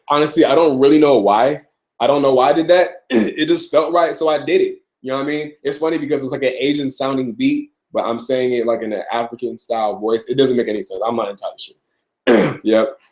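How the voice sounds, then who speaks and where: A young man from Arizona chats through a casual live Q&A, clearing a slightly sick throat now and then. He talks loosely, stacking fillers and restarts as he goes. His voice rests at a middle, everyday pitch. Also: darkish tone. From Tucson, Arizona. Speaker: rapper answering viewer questions.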